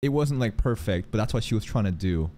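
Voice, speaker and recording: A young man giving casual, excitable reaction commentary on an anime, swearing and joking as he talks. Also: lowish voice, a little fast.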